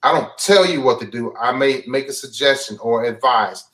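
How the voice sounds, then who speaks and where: A man's voice: medium pitch, normal speed, a bit bright, distant mic. A man speaking as an interview guest, bluntly reflecting on his own behavior and often repeating himself. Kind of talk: candid confessional talk.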